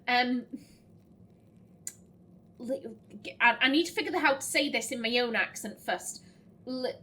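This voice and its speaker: A woman's voice: fairly high pitch, unhurried, pauses often, bright, forceful tone. A woman hosting a blind let's play, chatting casually, reading game dialogue aloud, giggly and stumbling over foreign words.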